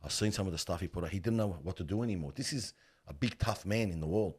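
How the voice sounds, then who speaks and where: A middle-aged funeral worker, his voice sitting low and slightly rough, talks at a quick pace in a casual interview. His storytelling is earnest and animated, with plenty of "bro" aimed at the listener.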